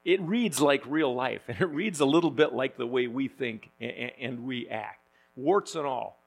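A male pastor preaching a sermon in a conversational, joking way, often pausing with fillers and restarts. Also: medium pitch, gravelly.

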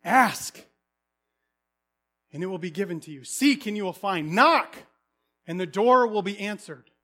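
Man, thirties, lively pastor, high voice, acts out stories in a sermon. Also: measured pace. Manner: animated storytelling, acting out characters, bursts of loud calls.

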